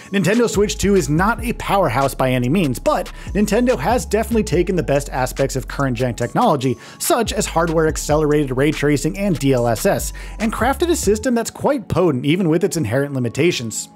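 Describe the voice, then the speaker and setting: A man narrating a scripted tech video in a lively read that often drops in pitch at the ends of clauses. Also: brisk, few pauses. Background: faint background music.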